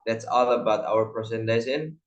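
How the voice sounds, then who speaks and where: A young man with an Indonesian accent reading out the summary of a class presentation in an even manner. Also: on the low side, normal speed, dull audio. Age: young adult. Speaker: student presenter.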